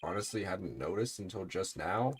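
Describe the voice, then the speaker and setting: A man voicing a boisterous, cheerful male police detective in a game, with a loud, hearty delivery. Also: low-pitched, lively intonation, moderate pace, a little hiss or hum. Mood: jovial.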